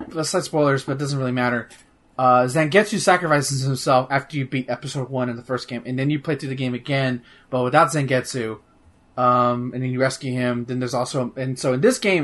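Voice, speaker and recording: A man with a mid-range, slightly bright voice chats casually as a podcast host reviewing a video game. He rambles, fills the air with fillers and restarts, and swears now and then.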